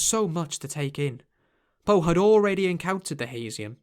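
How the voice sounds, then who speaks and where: A man reading a fantasy novel aloud in measured, scripted storytelling. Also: fairly high pitch, lively intonation, darkish tone, clean tone. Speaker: audiobook narrator. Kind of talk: scripted narration.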